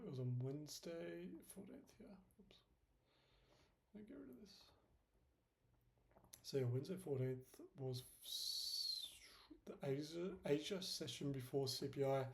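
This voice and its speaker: A man's voice: medium pitch, darkish tone. A young man in casual screen-share commentary, rambling and self-deprecating, with many fillers. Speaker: trading vlogger.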